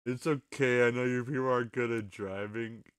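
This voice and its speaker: A man's voice: mid-range voice, steady tone, moderate pace, clean tone, no echo, clean studio sound. A tired man hosting a casual late-night podcast chat, rambling, swearing and stammering as he apologizes. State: exhausted, sleepy. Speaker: podcast host.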